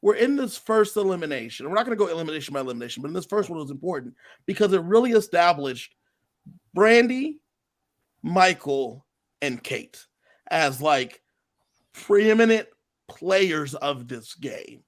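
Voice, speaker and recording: High-voiced man, lively podcast recap. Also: moderate pace. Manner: animated storyteller, acts out quotes. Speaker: podcast co-host. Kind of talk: casual chat recapping a reality show.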